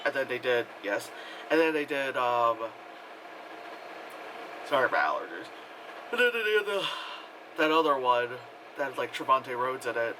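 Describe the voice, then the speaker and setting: A man giving a casual spoken movie review, rambling and excitable, full of fillers and acted-out quotes. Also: medium pitch, noisy background.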